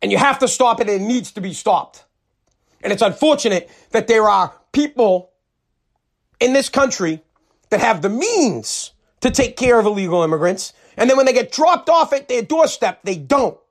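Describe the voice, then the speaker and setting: A man's voice: high voice, lively intonation, moderate pace. An American man hosting a podcast, delivering a heated, profane, combative rant on his own. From United States. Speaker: podcast host.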